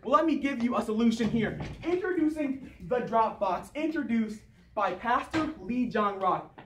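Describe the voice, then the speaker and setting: A woman's voice: a little high, animated, normal speed, a bit bright, distant mic. A woman giving a mock infomercial speech in hyped sales patter that talks straight to the audience, recorded from afar in an echoey room with faint noise.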